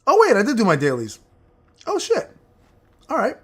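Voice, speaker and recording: Lively high-voiced joking streamer man. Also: moderate pace, husky. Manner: joking, crude, rambling banter with chat. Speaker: gaming streamer reading chat. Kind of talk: casual livestream chatter while playing.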